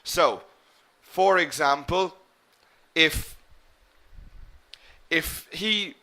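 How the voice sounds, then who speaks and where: Man, English teacher, online lesson, bright tone, encouraging, lively emphasis. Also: a little high, drawn-out words. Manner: encouraging, addresses students by name and checks answers; lively emphasis with frequent "okay?" and "guys".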